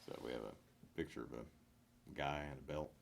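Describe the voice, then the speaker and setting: A man reading a list of corny jokes aloud in a deadpan way, chuckling now and then and making dry asides. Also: a bass voice, normal speed, vocal fry, a little hiss or hum. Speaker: joke reader.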